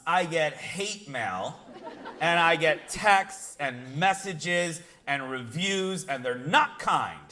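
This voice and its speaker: A man opening a dental convention with a comic speech to a live audience, loud and punchy, reeling off jokey lists and laughing often. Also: sits high. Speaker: conference host and keynote speaker. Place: large convention hall.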